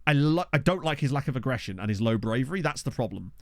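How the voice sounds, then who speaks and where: A man giving casual, excitable let's-play commentary, chatting to his viewers from a desk mic. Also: mid-range voice, fast, creaky, dry recording, studio quality. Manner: chatty, excitable, talks to chat. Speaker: game streamer. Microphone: desktop USB microphone.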